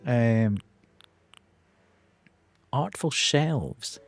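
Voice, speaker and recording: A man's voice: medium pitch, expressive, extremely slow, dry recording, faint music behind. A man chatting casually as he streams a game, muttering to himself as he plays.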